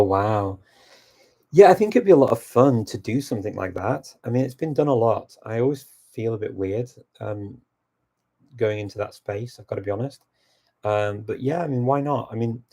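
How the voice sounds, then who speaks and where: A man's voice: fairly low pitch, gravelly, warm tone, breathy edge. A middle-aged man hosting a language-learning channel, casually answering viewer questions and thinking aloud as he goes.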